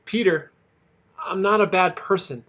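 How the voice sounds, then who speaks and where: A man's voice: sits high, measured pace, fairly bright tone, highs cut off, pitched above the performer's own voice. A man reading aloud and voicing a bruised, remorseful teenage boy who speaks in an earnest, pained and sincere way.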